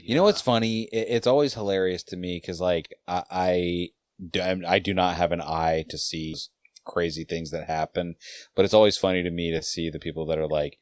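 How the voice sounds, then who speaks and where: A man with a very deep voice who chats on a podcast with a teasing, joking manner. His voice sits close to a podcast microphone, dry with no room sound. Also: steady tone, normal speed, darkish tone, dry recording. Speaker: podcast co-host. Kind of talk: casual chat.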